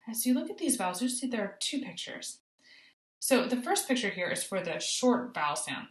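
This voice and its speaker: A woman teaching a phonics lesson to young children, modeling sounds slowly and clearly for them to echo back. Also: medium pitch. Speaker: kindergarten teacher. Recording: roomy echo.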